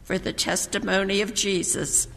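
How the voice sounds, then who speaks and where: A scripture reader giving a measured, proclaiming reading in a church. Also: medium pitch, flat delivery, vocal fry, pushed and bright, a little hiss or hum. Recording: church hall reverb.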